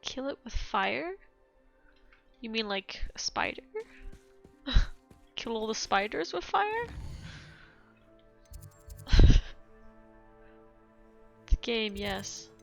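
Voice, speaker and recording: A woman's voice: fairly high pitch, big pitch swings, very slow, vocal fry, long pauses, soft background music. A European woman streaming a game, chatting casually, laughing often and reading chat aloud.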